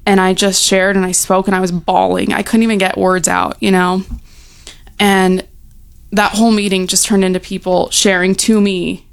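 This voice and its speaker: Gravelly-voiced young woman sharing her story. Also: mid-range voice, level tone, moderate pace. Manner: frank, heartfelt, many fillers like "you know". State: near tears at times. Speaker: recovery storyteller. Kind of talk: personal testimony, casual.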